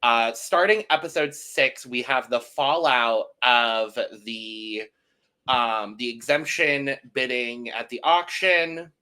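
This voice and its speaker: Male podcast co-host, bright tone, upbeat and emphatic reality TV recap chat. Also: medium pitch, slow, smooth.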